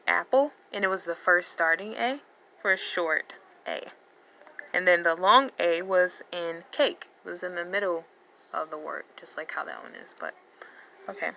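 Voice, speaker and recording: A woman's voice: lowish voice, gravelly, sharp tone. A woman teaching a phonics lesson, patiently repeating letter sounds and words. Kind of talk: slow phonics lesson for learners.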